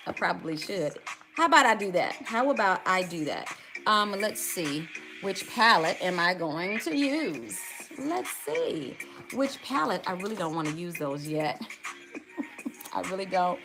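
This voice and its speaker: A woman's voice: mid-range voice, lively intonation, normal speed, music in the background. A middle-aged woman hosting a casual live makeup tutorial, chatty, greeting viewers by name and calling out to "y'all". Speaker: makeup livestream host.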